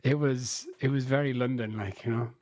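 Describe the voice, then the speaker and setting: A man's voice: medium pitch, steady tone, normal speed, darkish tone, dry recording, clean studio sound. A man co-hosting a podcast, chatting casually and laughing often as he rambles through his points. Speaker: podcast co-host. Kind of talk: casual chat.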